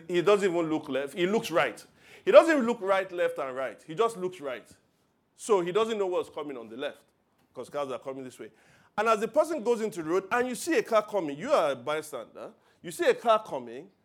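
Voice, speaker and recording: A man preaching a sermon, telling stories with loud emphatic bursts and quiet asides. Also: a little high. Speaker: pastor.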